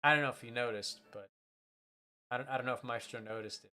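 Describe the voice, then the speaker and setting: A man's voice: mid-range voice, fast, bright, forceful tone. A man streaming, chatting casually and telling a rambling story with many restarts. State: voice changed by a bite on the throat.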